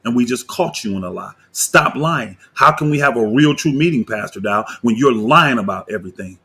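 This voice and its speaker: A man, a pastor, giving heated reaction commentary on a video, indignant and combative, often rising into loud outbursts. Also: medium pitch, lively intonation, a little fast, breathy edge.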